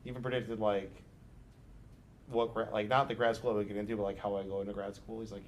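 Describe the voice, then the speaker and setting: A man's voice: fairly low pitch, little pitch movement, quick pace, slight background noise. A man teaching a psychology class, talking loosely and conversationally and hedging with frequent fillers. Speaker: psychology instructor. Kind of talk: casual classroom discussion.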